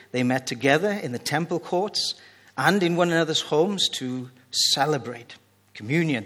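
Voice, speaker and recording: A man's voice: mid-range voice, fairly bright tone. A man preaching a sermon, reading scripture and telling jokey asides in a conversational way. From Wales. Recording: reverberant hall.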